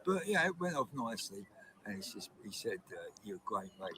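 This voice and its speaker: A man's voice: mid-range voice, sing-song, brisk, very noisy. Rambling older man telling a story. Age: 70s. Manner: rambling, chatty storyteller with restarts. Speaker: guest comedian. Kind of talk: casual anecdote telling. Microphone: video call.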